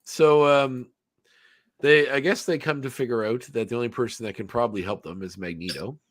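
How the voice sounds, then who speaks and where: Recapping a cartoon episode in casual chat, a male podcast host rambles, laughs often and fills his talk with fillers and restarts. His mid-range voice moves fairly quickly, captured in studio quality without room sound.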